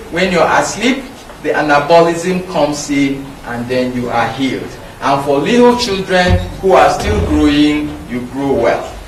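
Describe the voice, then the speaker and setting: A middle-aged man with a Nigerian English accent, giving an emphatic, anecdote-filled medical lecture. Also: on the high side. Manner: emphatic, repetitive, anecdotal teaching. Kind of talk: public lecture. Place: lecture hall. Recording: echoey hall, mic from far off, faint background noise.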